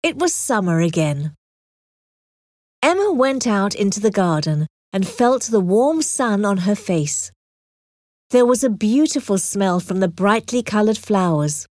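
A woman narrates a story as an audiobook, clear and expressive. Her pitch moves widely through each sentence. The sound is close and dry. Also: a little slow, dry recording.

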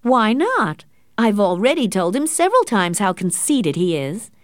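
A woman reading the part of a loud, bold, teasing young woman. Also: medium pitch, sing-song, unhurried, no room sound, studio quality.

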